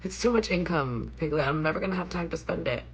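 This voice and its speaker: A woman's voice: sits low, quick pace, breathy edge, low-quality recording. A young woman vlogging casually from a hotel room, chatting with her viewers, reading out their questions and swearing freely. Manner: chatty and animated, swears often, reads out chat questions. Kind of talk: casual chat.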